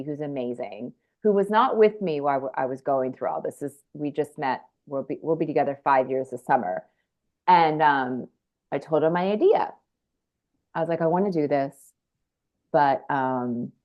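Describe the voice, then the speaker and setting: A woman's voice: on the low side, muffled recording. A woman in her forties, a podcast guest, telling her story in an earnest, rambling way with frequent restarts. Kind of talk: candid conversational storytelling.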